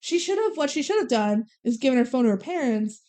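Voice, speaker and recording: A woman's voice: high-pitched, sing-song, fast talker, dark tone. A woman co-hosting a podcast, casually retelling a movie's plot and quoting the characters. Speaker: podcast co-host. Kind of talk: casual movie recap chat.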